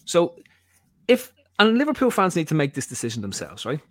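A man's voice: a little high, wildly swooping pitch, a little fast, fairly bright tone, no echo. A man hosting a football podcast, opinionated and rambling, tagging points with "right?". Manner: rambling, repeats "right?", many restarts. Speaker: podcast host.

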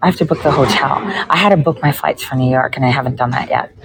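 A woman's voice: very deep voice, fast talker, background noise. A woman, a political podcaster, in a casual ranting monologue full of sarcasm, profanity and mocking asides.

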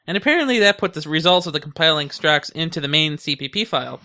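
Guy with a bright, fairly high voice, dry teasing podcast banter, dead dry sound. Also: fast talker, few pauses, no room sound. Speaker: podcast co-host. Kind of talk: casual chat.

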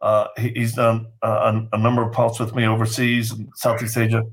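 A man speaks in a gravelly voice that stays flat. He is measured and earnest, often restarting mid-sentence as a podcast guest. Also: fairly low pitch.

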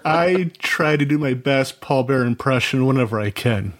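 A Minnesota man calls in to a radio show and tells a story in an expressive, mid-range voice at normal speed. He's earnest and rambling, wandering into many asides.

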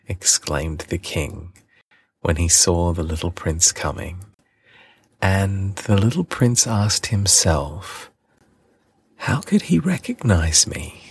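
Deep, slow male storyteller. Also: slightly rough, dry recording. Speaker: audiobook reader. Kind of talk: storybook reading.

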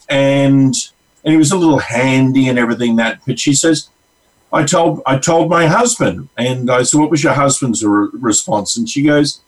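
A man's voice: medium pitch, moderate pace, far from the mic, rough recording. A man with an Australian accent, a regular counselor on a radio show, telling rambling stories with acted-out quotes. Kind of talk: casual on-air storytelling.

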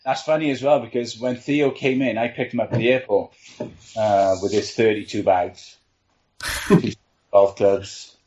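A man's voice: lowish voice, steady tone, measured pace, a little mellow, highs cut off, slight background noise. A man, a team trainer, rambling through anecdotes in casual panel chat, with frequent laughs and "you know". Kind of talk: casual storytelling on a podcast panel.

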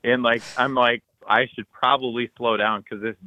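A man spins an excited hunting story on a podcast, acting out texts and quotes and jumping into loud outbursts. His voice is bright and forceful. The recording is dry and a little dull. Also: mid-range voice, normal speed, dry recording. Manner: animated, loud bursts, frequent "like", acts out texts and quotes.

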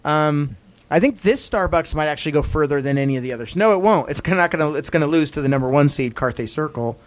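A man's voice: fairly high pitch, lively intonation, quick pace. A man hosting a casual podcast, rambling and self-deprecating as he reads out a ranked list and justifies his picks. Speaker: podcast host.

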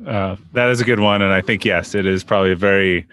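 A man with a low voice hosts an interview podcast. He is recorded with a dry, close sound and talks in a relaxed way, often stumbling and repeating himself on his way to the point. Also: fast, smooth, no echo. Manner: relaxed, stammers and repeats words. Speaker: podcast host. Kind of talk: interview hosting.

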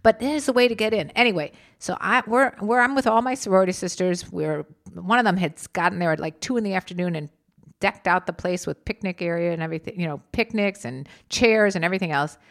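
A woman telling a long anecdote in casual chat, animated, swearing freely, often repeating herself. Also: lowish voice, quick pace. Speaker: storyteller in a casual two-person chat.

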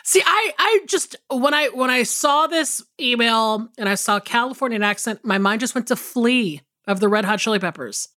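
A woman co-hosting a podcast in a casual chat. She talks in a relaxed, rambling way with many restarts. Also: a little high, moderate pace, hardly any pauses, no room sound, studio quality. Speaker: podcast co-host.

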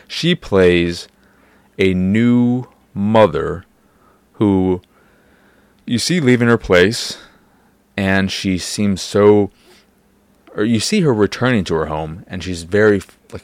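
A man's voice: low voice, no echo. A man hosting a podcast, rambling in casual talk with lots of fillers and hedges. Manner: rambling, hedging, many fillers. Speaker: podcast host.

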